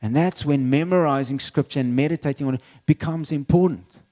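A middle-aged man gives a sermon from the pulpit in a loose, conversational way. His voice sits a little high for a man, yet it sounds mellow and dark. He stumbles over repeated words and lets out small laughs. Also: a little fast. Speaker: pastor.

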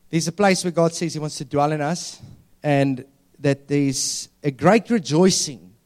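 Male preacher, slightly high voice, earnest, leans on key words. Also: a little mellow. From South Africa. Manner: earnest, stretches key words slowly for emphasis. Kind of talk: sermon.

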